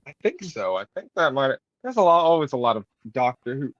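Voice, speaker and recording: A man co-hosting a casual fan podcast, enthusiastic and quick to laugh. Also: medium pitch, sing-song, a bit bright, dry recording. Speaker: podcast co-host. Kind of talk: casual chat. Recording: dull, lo-fi, dry mic.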